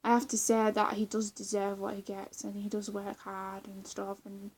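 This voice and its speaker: A young woman vlogger chats casually in a mid-range, husky, monotone voice at a normal speed. She rambles with lots of fillers, restarts her sentences and giggles.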